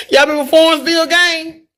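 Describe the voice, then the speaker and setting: A woman talking casually to her viewers in a vlog, in an animated, preachy, folksy way. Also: extremely high pitch. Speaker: vlogger. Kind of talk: casual talk to camera.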